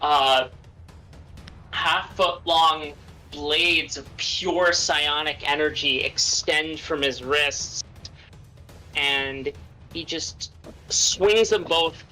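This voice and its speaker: A man at a tabletop game lays out his character's attack in slow, unhurried steps. His voice is bright and clear, and soft music plays behind him. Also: a little high, poor audio. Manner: slow, deliberate describing of his moves. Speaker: player.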